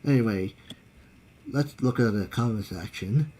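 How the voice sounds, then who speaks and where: A man co-hosting a casual podcast chat, halting and often searching for his words. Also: lowish voice, dark tone. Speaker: podcast co-host.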